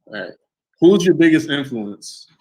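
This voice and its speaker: A man hosting a casual online interview, relaxed and easygoing, often trailing off with fillers. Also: a little high, moderate pace, low-quality recording. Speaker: interview host.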